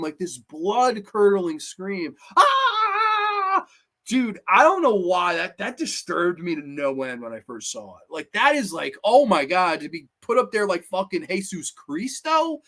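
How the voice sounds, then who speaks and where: Man, horror reviewer, casual countdown, animated, swears a lot, does quick impressions. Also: high-pitched. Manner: animated, profane, acts out quotes in funny voices.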